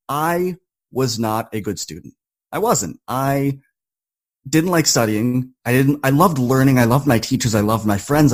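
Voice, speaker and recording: A man guesting on a podcast, telling a personal story in an animated, conversational way. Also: medium pitch.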